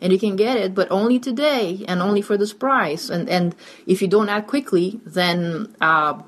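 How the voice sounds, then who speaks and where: A woman's voice: mid-range voice, normal speed. A woman neuroeconomist explaining in an interview, hesitant and searching for words.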